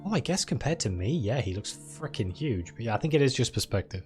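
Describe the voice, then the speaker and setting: A man's voice: mid-range voice, big pitch swings, brisk, hardly any pauses, over music. A man live-streaming a video game, chatting and reacting aloud and reading the story text.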